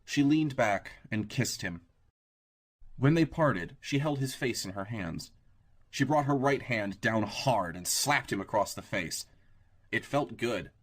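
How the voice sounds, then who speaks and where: A man narrating an audiobook in a steady, even storytelling manner. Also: medium pitch, unhurried.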